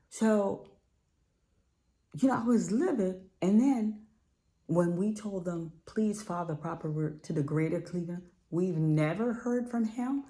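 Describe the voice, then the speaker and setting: An independent filmmaker from Ohio, USA, talks casually straight to the camera. Her voice is fairly low with a dark tone, and she speaks bluntly and emphatically, repeating words for stress.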